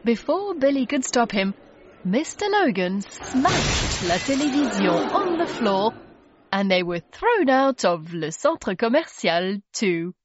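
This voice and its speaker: A woman narrating a children's storybook aloud in an expressive read-aloud style. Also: fairly high pitch, highs cut off, a little hiss or hum. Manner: slow, lively expressive reading.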